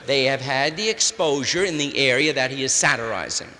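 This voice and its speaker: A man riffing loosely in hip slang, often ending lines with "man" and slipping into quick impressions of others. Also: mid-range voice, expressive, bright, forceful tone, big-room sound. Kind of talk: loose hipster riffing monologue.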